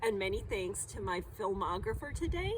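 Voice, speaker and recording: A woman library director reading a children's storybook aloud in an expressive, animated way. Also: mid-range voice, fairly quick, a little hiss or hum.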